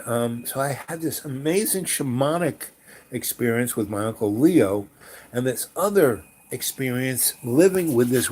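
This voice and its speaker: A man in his sixties telling a rambling personal story, full of pauses, "um"s and "you know"s, often trailing off quietly. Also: mid-range voice, a little hiss or hum. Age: 60s. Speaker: storyteller host.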